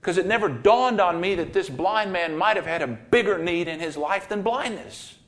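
A male pastor delivering a sermon, telling a Bible story with vivid, dynamic delivery that swings between loud and hushed. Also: high-pitched, animated, normal speed.

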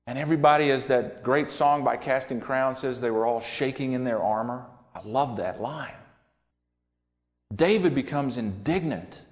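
A man preaching a sermon in a folksy, animated storytelling manner, acting out quotes from scripture stories. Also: medium pitch, moderate pace.

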